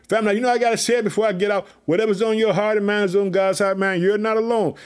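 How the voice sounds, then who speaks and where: High-voiced, fired-up preaching man. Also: very fast, few pauses, smooth. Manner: energetic, preachy, repeats "let me tell you something". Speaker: podcast host. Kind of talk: animated Bible commentary.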